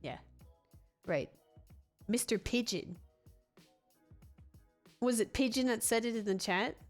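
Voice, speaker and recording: A woman's voice: a little high, expressive, moderate pace, soft background music. A woman livestreaming a game in a casual, rambling way, reading and answering chat with frequent restarts and laughs.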